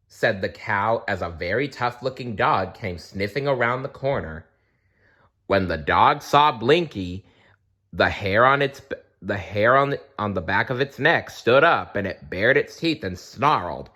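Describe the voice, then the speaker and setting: A man reading a children's storybook aloud, expressive, with small slips and restarts. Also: fairly low pitch, measured pace.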